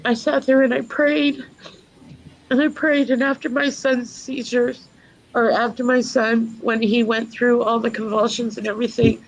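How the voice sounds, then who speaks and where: A woman, a mother, giving a personal testimony in an earnest, storytelling way with many pauses. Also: on the high side, little pitch movement, poor audio. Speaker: guest mother.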